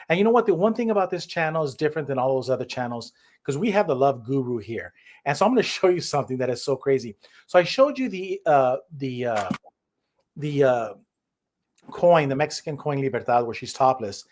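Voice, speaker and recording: A man's voice: medium pitch, expressive, a little fast. A man co-hosting a casual online chat show, talking in a heated, emphatic way and often repeating himself. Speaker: co-host.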